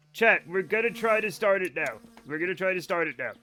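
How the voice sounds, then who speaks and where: A man streaming a game live, chatting casually to his viewers in a rambling, self-mocking way with sudden excited outbursts. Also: sits high, fast talker. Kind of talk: casual gameplay commentary to chat.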